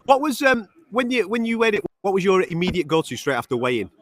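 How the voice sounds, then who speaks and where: Fast northern english guy, slightly high pitch, cheeky banter on a video call. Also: sing-song, fairly bright tone, a little hiss or hum. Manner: cheeky, chatty, quick laughs. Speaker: co-host. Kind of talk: casual sports show banter. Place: fight venue backstage.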